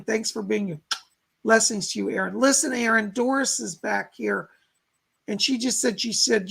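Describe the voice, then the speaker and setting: A man with a deeply gravelly, husky voice hosts a live psychic reading stream. He talks his listeners through a calm visualization. He passes on messages from the other side in a chatty way, full of "he said" and "she said.". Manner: relays spirit messages with constant "he said" asides. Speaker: psychic medium.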